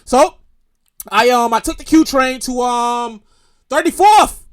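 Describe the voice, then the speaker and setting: A man hosting a podcast, telling a story in an animated, profane, repetitive rant. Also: very high voice, takes it slowly. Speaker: podcast host. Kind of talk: casual storytelling.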